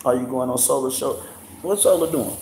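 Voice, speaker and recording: A man with a mid-range, warm voice hosts a casual livestream, talking briskly. He's profane and mocking and laughs often. The room is echoey, with faint background noise.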